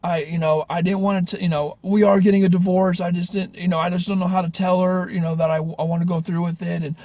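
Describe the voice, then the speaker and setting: A man's voice: level tone, fast talker, dark tone. A man acting out a cheating boyfriend who frantically apologizes in a raised, pleading voice. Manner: frantic, apologetic, high-pitched.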